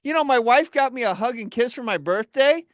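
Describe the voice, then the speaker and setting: High-voiced man in his fifties, ventriloquist. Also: lively intonation, brisk, no room sound. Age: 50s. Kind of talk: comedy ventriloquist act.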